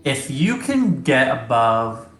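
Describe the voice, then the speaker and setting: A man runs a tabletop game in a loose, chatty way, quick to laugh. His voice sits at an ordinary pitch and carries a roomy echo. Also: very animated, fairly bright tone. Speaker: game master.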